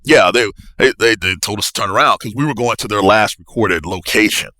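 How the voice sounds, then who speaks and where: A man, a navy officer, telling a story as a podcast guest in an animated, excitable way with bursts of laughter. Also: on the low side, a little fast, no echo. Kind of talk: casual storytelling.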